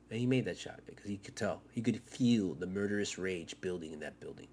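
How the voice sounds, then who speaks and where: A man hosting a fan podcast, ranting with heavy swearing and swinging from loud outbursts to low mutters. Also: brisk, few pauses, a little hiss or hum. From Miami area. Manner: profane, excitable, swings between shouting and muttering. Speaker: podcast host. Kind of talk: fan commentary rant.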